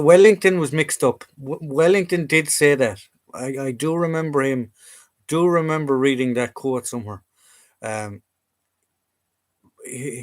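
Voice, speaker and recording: An Irish man hosts a relaxed live stream from a room at home, answering viewers as he goes. He rambles and restarts his sentences, filling the gaps with ums and uhs, and his voice sits at an ordinary middle pitch. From Ireland. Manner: rambling and chatty, with frequent restarts and fillers. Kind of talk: casual live chat. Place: home room full of collectibles.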